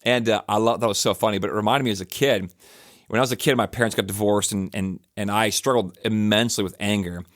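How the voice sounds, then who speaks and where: Man, podcast host, lowish voice, loose rambling delivery, dry close sound. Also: steady tone, fast talker, a bit bright, no room sound. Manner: conversational, rambling with many restarts and fillers. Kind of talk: casual reflective monologue.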